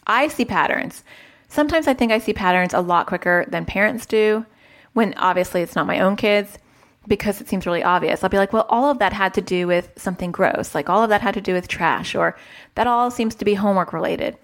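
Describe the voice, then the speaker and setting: A woman's voice: mid-range voice, fairly quick. A woman therapist and mother giving casual parenting advice, chatty, interrupting herself and acting out dialogues. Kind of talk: advice talk to camera.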